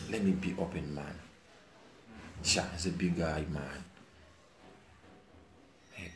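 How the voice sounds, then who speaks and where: A Ugandan man in an emotional direct-to-camera rant, repeating phrases and mixing his local language with English, swinging between quiet brooding and loud outbursts. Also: deep voice, steady tone, slow pace, long pauses, roomy sound, a little hiss or hum. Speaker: musician.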